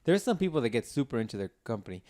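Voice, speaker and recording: Speaking very fast in a mid-range voice, a male podcast co-host rattles off rambling, profane anecdotes in casual conversation. Fillers crowd his speech, and his storytelling is animated.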